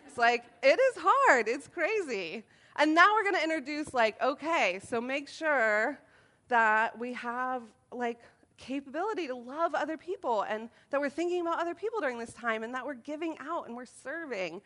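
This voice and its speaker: A woman in her thirties speaking at a moms' meeting, telling funny, self-deprecating stories in an animated way. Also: high voice, moderate pace. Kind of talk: humorous talk to a group.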